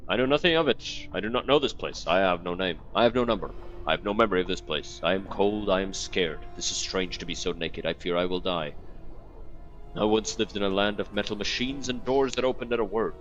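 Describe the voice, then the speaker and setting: A forlorn, lost stranger with no name, read by a man in a low, solemn, plaintive tone. It sounds like game dialogue read aloud on a stream, with a dull, lo-fi sound and faint music behind. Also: brisk, a bit bright.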